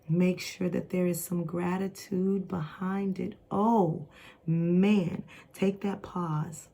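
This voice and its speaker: A woman's voice: fairly low pitch, creaky, warm tone. A woman giving a casual spiritual tarot reading. She talks straight to the viewer in a reassuring, encouraging way and often restarts and rambles. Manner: rambling, many restarts and fillers. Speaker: tarot reader.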